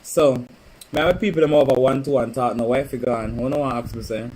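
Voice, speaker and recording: A man's voice: medium pitch, fairly even intonation, fairly quick, darkish tone, low-quality recording. A man chatting casually on a home live stream, teasing and calling out to viewers by name. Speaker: livestream host. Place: home, indoors.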